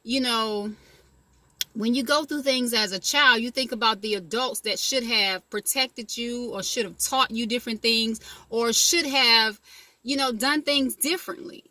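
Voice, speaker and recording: A woman with a high, bright voice gives a casual motivational talk, recorded dry and close. She speaks conversationally and keeps asking if you're following. She repeats her key phrases for emphasis. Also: unhurried, no room sound. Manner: conversational, asks "you know what I mean?" often.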